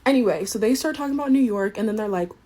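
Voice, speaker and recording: A woman's voice: fairly high pitch, lively intonation, racing, mellow. A woman of Caribbean family telling a casual story in an exasperated, indignant way.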